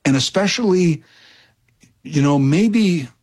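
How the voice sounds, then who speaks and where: A man's voice: fairly high pitch, animated, takes it slowly, darkish tone. A middle-aged man, filling in as a radio talk host and telling a rambling, chatty story full of fillers and restarts. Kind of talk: casual radio talk and anecdote.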